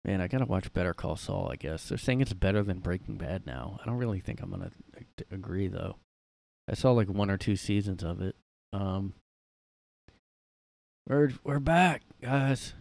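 A man's voice: sits low, lively intonation, normal speed, gravelly, darkish tone. A man ranting casually and sarcastically from his room, rambling with fillers. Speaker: vlogger. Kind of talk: casual rant.

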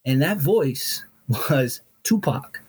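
A middle-aged man telling a candid personal story as an interview guest, blunt and profane, with animated, restless storytelling. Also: mid-range voice, slow pace, breathy edge.

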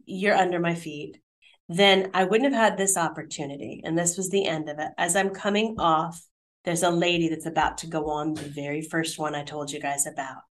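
A middle-aged woman co-hosting a casual Christian talk, telling a personal story in an animated, encouraging way. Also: deep voice, a little fast.

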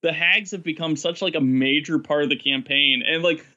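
A man telling stories as a game master in a casual podcast chat, rambling and animated, often laughing. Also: fairly high pitch, normal speed, muffled recording.

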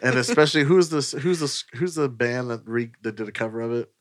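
A man guesting on a podcast as a musician, chatting casually, joking loudly, swearing and tripping over his words. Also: medium pitch, steady tone, a little fast, no echo, clean studio sound. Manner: loud, profane, jokey, trips over words.

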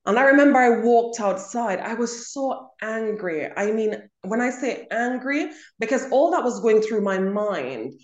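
A woman's voice: on the high side, expressive, measured pace, few pauses. A young adult woman co-hosting a casual chat, telling a personal story with emphatic repetition. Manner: emphatic storytelling, repeats words for stress. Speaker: co-host. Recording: roomy echo.

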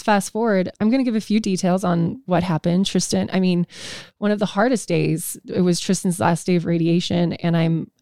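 A podcast host in her thirties tells a personal story with open emotion and frequent laughter. Her voice carries a gravelly fry. The sound is dry and close. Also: on the low side, darkish tone, no echo. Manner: emotional, candid, laughs often.

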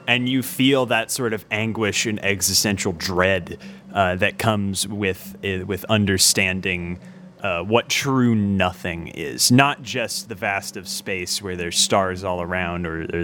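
Low-voiced man narrating a tabletop game. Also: pushed and bright, a little hiss or hum. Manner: slow, halting narration with many restarts. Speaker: game master.

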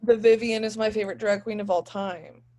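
A woman's voice: medium pitch, steady tone, a little fast, darkish tone. A woman guest on a podcast, chatting casually and playfully, laughing often. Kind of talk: casual chat.

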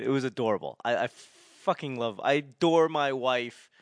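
A man's voice: medium pitch, moderate pace, dry recording, clean studio sound. A man casually telling a rambling story, laughing often and swearing freely.

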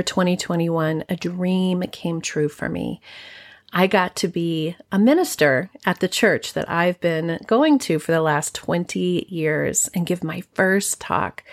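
A woman podcast host and minister reading a calm, earnest, scripted introduction. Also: lowish voice. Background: soft plucked guitar music.

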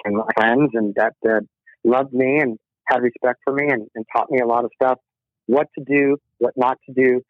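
Heard on a tinny, dry phone connection with no room sound, a middle-aged rock musician talks at a normal speed in a steady, mid-range voice. As a guest in a casual interview, he tells stories, performs quotes, and laughs frequently.

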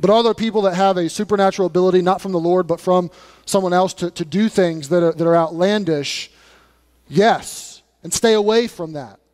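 A man preaching from the pulpit in a notably high voice, talking to the congregation in a direct, conversational way. He drives his points home with blunt, emphatic warnings. His voice rings out with a long reverb, as in a large church sanctuary. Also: fairly quick, a little mellow. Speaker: pastor. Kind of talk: sermon.

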